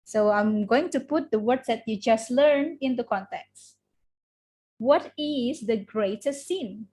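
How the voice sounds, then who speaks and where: A woman's voice: a little high, takes it slowly, warm tone. A woman with an Indonesian accent teaching English vocabulary in a classroom, having students repeat words after her. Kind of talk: classroom lesson.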